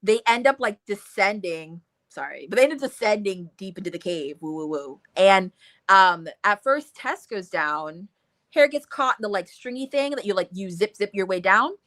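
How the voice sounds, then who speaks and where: Woman, book chat co-host, casual, animated, swears freely, forceful bright tone, close dry sound. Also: medium pitch, normal speed, dry recording. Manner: animated, swears freely, retells plot in quotes.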